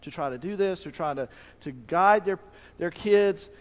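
A man preaching a sermon as pastor, animated, acting out quoted voices with a rising pitch. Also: normal speed. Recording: long reverb of a hall.

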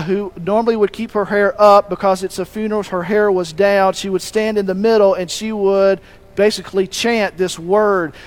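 Preacher, male, high voice, chatty sermon delivery with rhetorical questions and frequent restarts. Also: low-quality recording. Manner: conversational, asks rhetorical questions; restarts and self-corrects mid-sentence.

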